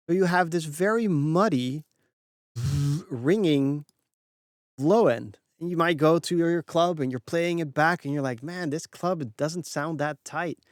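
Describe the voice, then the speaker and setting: A man who works as a mixing engineer, explaining a music production point in an animated, casual tutorial that swears freely and acts out the people he quotes. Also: on the high side, no echo, studio quality.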